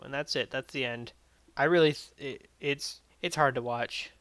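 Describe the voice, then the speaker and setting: Blunt exasperated man, smooth dry voice. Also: medium pitch, steady tone, normal speed, fairly bright tone, no echo. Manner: blunt and exasperated, retells plot with quoted voices. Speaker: anime reviewer. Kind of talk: casual spoken review.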